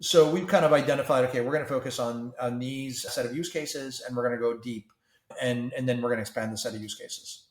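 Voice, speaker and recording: A Canadian man who heads a tech company speaks as a founder during a podcast interview, a little fast and animated, often restarting and repeating himself. His pitch is mid-range and the room echoes audibly.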